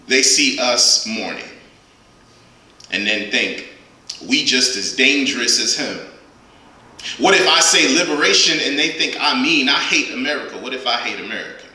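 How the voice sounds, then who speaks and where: A man's voice: medium pitch, unhurried, long pauses, pushed and bright. A man at a live reading, performing spoken-word poetry with rhythmic, emphatic questions and then talking casually to the audience. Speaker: featured poet. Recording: very echoey room.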